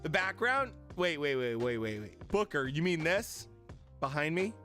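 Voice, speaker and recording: A man streams from his home room in a blunt, cursing, casual chat. His pitch sits a little high and swings widely, though he takes his time. Faint music plays underneath. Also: very animated, moderate pace, sharp tone. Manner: blunt and profane, riled up. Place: home streaming room with lit panel backdrop.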